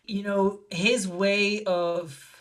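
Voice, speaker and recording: A woman filmmaker telling an anecdote in an interview, animated and acting out the voices of the people she quotes. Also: very slow. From lived in Barcelona. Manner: animated, acts out quoted voices with big pitch jumps. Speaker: guest filmmaker. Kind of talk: storytelling in an interview.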